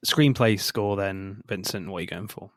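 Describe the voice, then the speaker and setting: A man's voice: low-pitched, moderate pace, no echo, clean studio sound. A man co-hosting a casual film review podcast, quoting favourite lines with gusto and laughing often. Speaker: podcast co-host.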